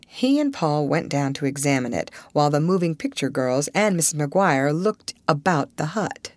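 A woman narrating an audiobook in a measured, expressive style. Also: sits low, no room sound, studio quality. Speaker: audiobook reader.

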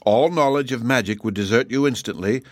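A calm, stern dragon, read by a male narrator, speaking quietly and slowly with cold control. The voice sits in a middle range and sounds dry and close. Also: medium pitch, no echo, close to an everyday voice.

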